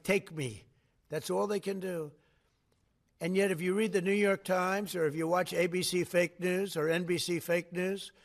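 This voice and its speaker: An older American man giving off-the-cuff press remarks, boastful and rambling, repeating his phrases as he answers reporters. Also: high-pitched. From United States. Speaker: head of state taking press questions.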